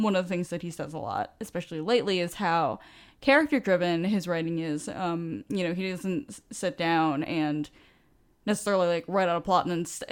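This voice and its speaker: A woman co-hosts a podcast, chatting casually with lots of ums and easy laughter. Her voice is fairly low-pitched with a clean tone.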